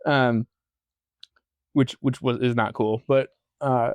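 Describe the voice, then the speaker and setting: A man co-hosting a casual podcast, mostly adding short agreeing remarks and quick asides. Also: mid-range voice, steady tone, clean tone, no echo. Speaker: podcast co-host.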